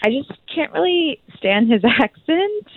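A woman calling in on the phone, hesitant and halting, laughing nervously. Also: high voice, big pitch swings, dry recording. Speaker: caller. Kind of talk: phone call on radio. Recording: dull muffled phone line.

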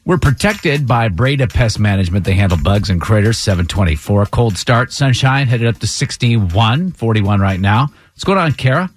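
A man's voice: fairly low pitch, moderate pace, few pauses, slight background noise. A man hosting a morning radio show in a studio, telling stories in casual banter and acting out the voices of people he quotes. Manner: animated storyteller, acts out quoted voices.

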